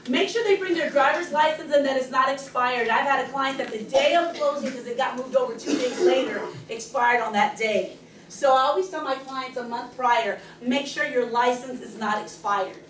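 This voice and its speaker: A middle-aged woman, a real estate agent, giving a fast and excited training talk to her team at a meeting. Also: sits high, a little hiss or hum. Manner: fast, excited, loud when passionate. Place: meeting room. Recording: echoey room, speaker far from the camera mic.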